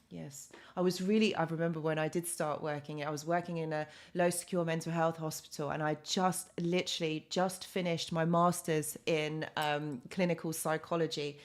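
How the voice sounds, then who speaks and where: Chatty woman, lowish voice. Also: fairly even intonation, moderate pace. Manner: chatty, many fillers and restarts, reads out comments. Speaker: psychologist hosting a live Q&A. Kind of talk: casual live-stream chat.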